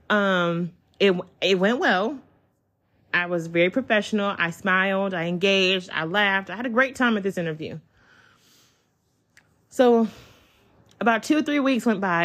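Woman, 30s, solo podcast host, excitable personal storytelling at home, mid-pitched voice. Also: normal speed. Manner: chatty, excitable, addresses listeners as y'all. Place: at home, child in the room.

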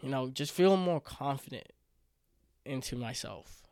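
A man's voice: mid-range voice, expressive, a little slow, a little mellow, no room sound, studio quality. A man in his twenties hosting a solo podcast, talking earnestly and emotionally, rambling with many restarts. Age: 20s. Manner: earnest and emotional, choking up at times. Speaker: podcast host.

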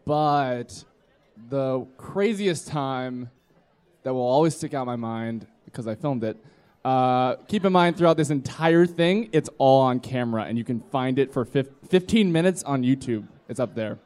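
Lively intonation and a smooth, slightly mellow medium-pitched voice carry this man's drunken story at normal speed. In his twenties, he rambles on stage at a live comedy podcast, mimicking his friends, as the crowd laughs.

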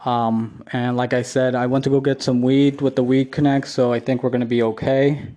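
In a warm, flat, medium-pitched voice at a moderate pace, a man tells a wandering story for his vlog at home. The solo account is casual, profane and repetitive, with plenty of "like" fillers.

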